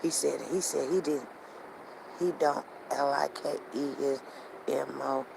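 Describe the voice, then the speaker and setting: A woman hosting a casual show, telling a family story in a repetitive, animated, conversational way while walking outdoors. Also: a bass voice, a little slow, creaky, a little hiss or hum, low-quality recording. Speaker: show host. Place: walking outdoors near traffic.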